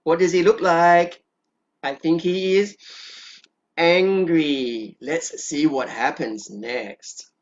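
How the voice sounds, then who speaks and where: Low-voiced, very slow kindergarten teacher. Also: female voice, muffled recording. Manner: patient, drawn-out prompting. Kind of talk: story-time teaching to small children.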